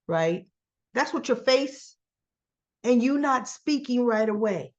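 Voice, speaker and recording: A woman's voice: on the high side, animated, slow, pauses often, dull audio. A woman reviewing a soap opera in a casual, chatty recap, talking animatedly and acting out the characters' lines.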